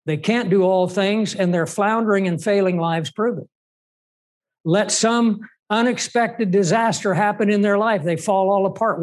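Guy preaching a sermon, kinda high voice, punchy, keeps asking questions. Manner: emphatic, asks rhetorical questions.

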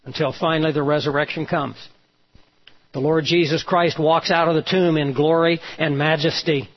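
A man's voice: on the high side, steady tone, normal speed. A male pastor preaching a sermon, retelling a story and voicing the quoted lines with emphasis. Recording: dull lo-fi sound.

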